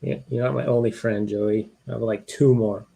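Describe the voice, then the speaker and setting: A man's voice: lowish voice, fairly even intonation, moderate pace, gravelly, mellow, breathy edge. A man hosting a live-streamed sports podcast, chatting casually with easygoing, joking banter. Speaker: podcast host.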